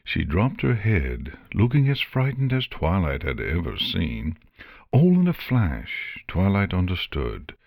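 A man reading a story aloud in a measured, expressive way. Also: deep voice, vocal fry, no room sound, lo-fi sound. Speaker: narrator. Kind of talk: storybook narration.

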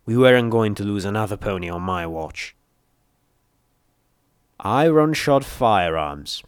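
A man reading fiction aloud in a steady, measured storytelling voice, close to the mic. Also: lowish voice, clean tone, no echo. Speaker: audiobook narrator. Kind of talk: scripted fiction narration.

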